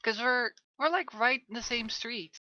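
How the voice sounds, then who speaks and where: A woman's voice: fairly high pitch, moderate pace, pushed and bright, lo-fi sound. A woman playing in a tabletop game over a voice call, listing her gear and asking the game master questions. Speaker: player.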